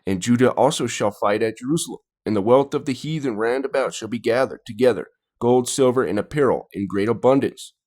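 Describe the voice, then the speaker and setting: Brief: male reaction host, mid-pitched, relaxed and agreeable. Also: fairly quick, hardly any pauses. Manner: agreeable, easygoing. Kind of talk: casual reaction chat.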